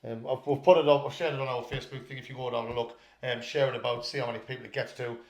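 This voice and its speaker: A man's voice: mid-range voice, steady tone, very fast, a little mellow, echoey room. A man, co-hosting a casual football chat and telling chatty anecdotes. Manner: chatty storyteller, laughs while telling anecdotes. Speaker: football podcast co-host.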